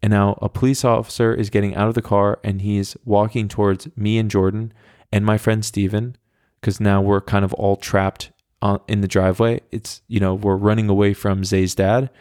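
Low, flat-voiced young man telling a story. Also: moderate pace, dry recording, studio quality. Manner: rambling, profane, wry. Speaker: podcast host. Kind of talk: casual storytelling monologue.

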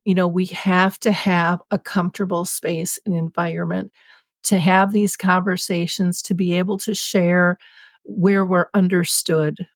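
A woman's voice: lowish voice, dry recording. A middle-aged woman, a patient advocate, speaking in a heartfelt, reflective way in a podcast interview. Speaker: dementia patient advocate guest.

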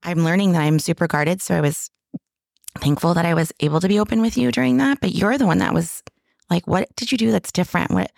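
A woman's voice: lowish voice, fairly quick, gravelly, a little mellow, no room sound, clean studio sound. A middle-aged woman telling a candid personal story in casual conversation, emotional and full of restarts. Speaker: guest.

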